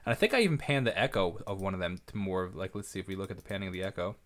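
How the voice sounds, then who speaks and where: A man, a music producer, giving an excitable, casual breakdown of his track, often correcting himself mid-sentence. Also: deep voice, racing. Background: faint music from his session playback.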